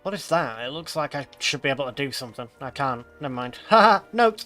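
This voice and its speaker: A man's voice: medium pitch, fast, bright, forceful tone, soft background music. A man giving casual, joking let's-play commentary, chatty and swearing freely. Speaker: gaming streamer.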